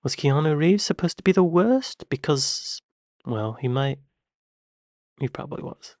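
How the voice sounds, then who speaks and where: A man's voice: a little high, expressive, unhurried, darkish tone, no room sound, studio quality. An American man hosting a casual reaction video, joking and talking straight to the camera. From United States.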